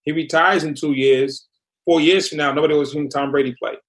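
A man speaking in a slightly high voice tells a story in an interview. His delivery is blunt and measured, with slow and deliberate phrasing. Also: fairly even intonation. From Massachusetts. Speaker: guest, former prisoner.

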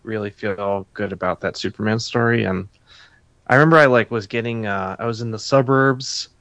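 Male guest, comic artist, excited rambling chat, dry mic. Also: on the low side, normal speed, dry recording. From Chicago area. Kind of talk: casual chat.

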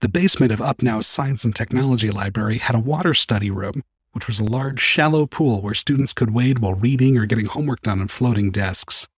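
A man narrating a first-person story as an audiobook reader, calm and even. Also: mid-range voice, slightly rough, no echo, clean studio sound.

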